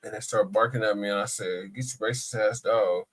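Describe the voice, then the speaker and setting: A man chatting casually on a podcast, mostly adding short reactions in a slow drawl. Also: lowish voice, fairly even intonation, a little hiss or hum. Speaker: podcast co-host. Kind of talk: casual chat.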